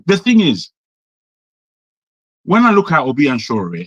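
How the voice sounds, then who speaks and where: A man's voice: fairly high pitch, wildly swooping pitch, unhurried, no room sound, dull audio. A man from Nigeria ranting in a live online debate, exasperated, swearing and repeating himself for emphasis. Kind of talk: heated debate rant.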